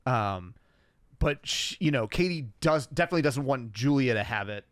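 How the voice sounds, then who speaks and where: A man co-hosting a podcast, casually retelling scenes in a relaxed, wry way with filler words. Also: medium pitch, moderate pace, no echo, clean studio sound. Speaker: podcast co-host. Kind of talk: casual recap chat.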